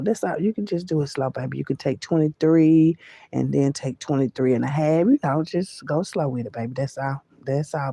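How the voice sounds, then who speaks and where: A woman's voice: low-pitched, creaky, dark tone, slightly rough, no echo. A woman vlogger in casual spiritual talk, speaking to her viewers in a folksy way, calling them baby and y'all and often insisting she's serious. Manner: folksy, calls listeners baby and y'all, repeats "I'm serious".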